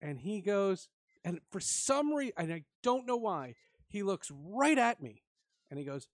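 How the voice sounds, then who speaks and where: A man casually telling an animated story with frequent laughs. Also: sits high, a little slow, dry recording, studio quality.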